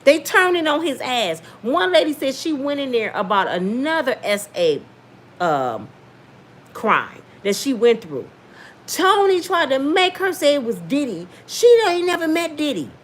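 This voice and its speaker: A middle-aged woman talks through a casual commentary stream in a sassy, animated way. Her pitch sits on the high side and jumps up and down a lot. A faint hiss runs under the recording. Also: measured pace. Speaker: livestream host reading viewer comments.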